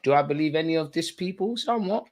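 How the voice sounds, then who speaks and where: Excitable young man reacting live. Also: on the high side, fast talker, slight background noise. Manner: animated, swings from muttering to shouting at the ref. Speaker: football watchalong streamer. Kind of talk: live match reaction commentary.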